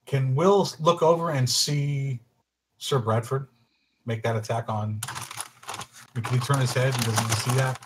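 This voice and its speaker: Inquisitive player asking rules questions. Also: male voice, medium pitch, fairly even intonation, measured pace, pauses often, slightly rough. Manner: asks careful rules questions. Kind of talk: casual tabletop game chat.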